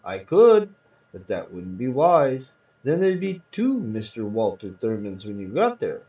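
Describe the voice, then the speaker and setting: A man with a mellow, mid-range voice reads aloud a little slowly, his pitch swooping wildly. He voices a small hospital lab technician patiently explaining things, in a roomy, distant recording with a dull sound.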